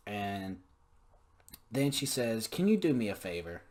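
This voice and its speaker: A man's voice: lowish voice, sing-song, a little slow, darkish tone. A young man telling stories in a casual monologue, profane, sarcastic and ranting. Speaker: podcast storyteller.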